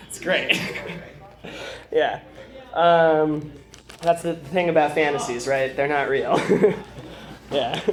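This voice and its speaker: A man doing a stand-up set, chatty and laughing at his own jokes. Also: a little high. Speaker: stand-up comedian. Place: comedy club stage. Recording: roomy club with audience.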